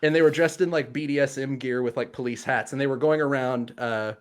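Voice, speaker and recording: A man's voice: mid-range voice, brisk. A man, a guest cosplayer on a livestream, telling a casual story with laughs and quoted voices over a video call.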